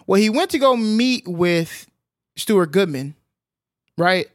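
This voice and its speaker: A man casually retelling a film's plot as a podcast co-host, animated and full of filler sounds. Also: high-pitched, takes it slowly, dry recording, studio quality. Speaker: podcast co-host recapping a film. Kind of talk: casual film recap chat.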